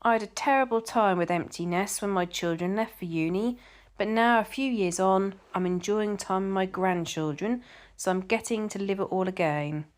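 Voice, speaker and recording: Chatty middle-aged Englishwoman, casual vlogger, mid pitch, rambling anecdotes. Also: normal speed. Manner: chatty, repeats words, tells anecdotes. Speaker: vlogger reading viewer comments. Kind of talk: casual chat.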